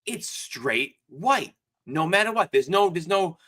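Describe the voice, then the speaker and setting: Animated man with a bright voice. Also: on the high side, measured pace. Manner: animated, profane storytelling. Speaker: podcast co-host. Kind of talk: casual chat.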